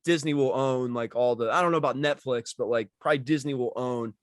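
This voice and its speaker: A man's voice: mid-range voice, brisk, no echo, clean studio sound. A man speaking as a podcast guest in casual chat, rambling and leaning on filler words.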